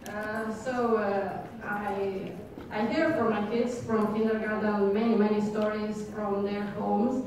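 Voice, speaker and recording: A woman in the audience asking a question in a careful, halting way. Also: medium pitch, flat delivery. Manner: careful, halting, not fluent. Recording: echoey convention hall from far off, crowd noise.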